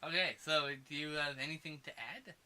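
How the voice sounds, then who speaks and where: A man co-hosting a podcast, chatting casually about a movie, excitable and quick to swear and laugh. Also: on the high side. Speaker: podcast co-host. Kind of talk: casual movie review chat.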